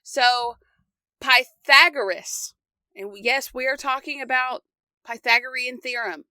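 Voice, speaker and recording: A young woman co-hosts a casual history podcast, reading her notes aloud and tossing in quick asides. Her voice is bright and a little high, and it is recorded close and dry with no room sound. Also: steady tone, smooth, dry recording. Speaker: podcast co-host.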